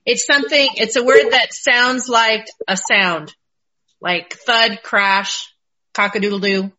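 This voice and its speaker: A woman's voice: fairly high pitch, fairly even intonation, takes it slowly, pushed and bright, lo-fi sound. A woman in a Bible class answering a question eagerly. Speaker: class member.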